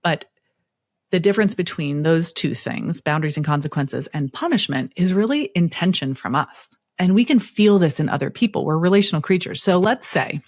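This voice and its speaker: A middle-aged woman therapist speaking in an interview, expressive and storytelling with playful asides. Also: lowish voice, moderate pace, no echo, clean studio sound. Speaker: therapist guest. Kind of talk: interview conversation.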